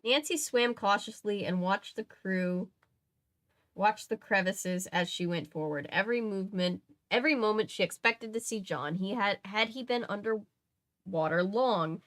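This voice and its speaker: Unhurried and fairly bright, a medium-pitched female voice carries this casual livestream reading. The young host is working through a mystery novel aloud, breaking off for chatty asides and fixing any slips.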